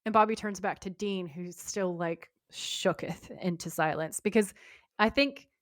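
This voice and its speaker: This podcast co-host is a woman with a lowish voice who talks a little slowly, recapping a TV episode in relaxed chat and animatedly performing the characters' lines. The studio-quality audio has no echo.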